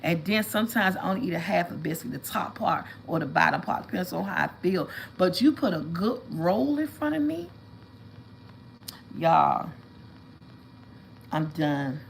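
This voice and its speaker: A woman's voice: on the low side, measured pace, gravelly, long pauses, slight background noise, poor audio. Chatty woman vlogging. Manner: chatty, animated storytelling, addresses viewers as y'all. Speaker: vlog host. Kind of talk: casual livestream chat.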